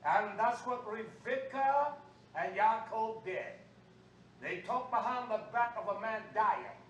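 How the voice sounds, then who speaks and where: A man preaching a sermon with call-and-response, swinging from low talk to shouting. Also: slow pace, dull audio. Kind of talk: fiery sermon. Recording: echoey room, far from the mic, faint noise.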